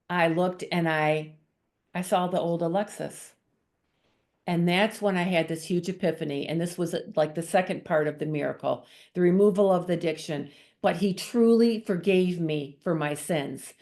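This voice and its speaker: Woman with a slightly low voice, heartfelt guest testimony, sincere and open. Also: a little mellow. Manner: earnest, emotional storytelling. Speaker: guest author sharing testimony. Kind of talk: personal faith testimony.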